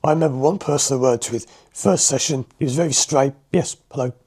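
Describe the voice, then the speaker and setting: Chatty man with a mellow voice. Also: medium pitch, a little fast, slightly rough. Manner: chatty, conversational, laughs often. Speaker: hypnotherapist and driving instructor. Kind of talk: explaining to viewers to camera. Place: a room in his home.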